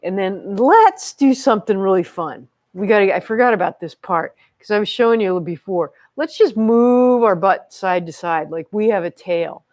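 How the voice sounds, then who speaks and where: A woman's voice: mid-range voice, lively intonation, moderate pace, hardly any pauses, darkish tone. A woman leading a children's yoga class at home, upbeat and encouraging as she talks young kids through each pose. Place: home room with her dogs. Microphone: camera she set up herself.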